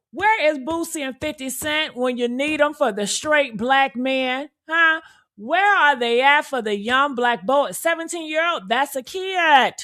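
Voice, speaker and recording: A woman hosting a casual commentary video, talking straight to her viewers in an outspoken, animated rant. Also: on the high side. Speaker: commentary host.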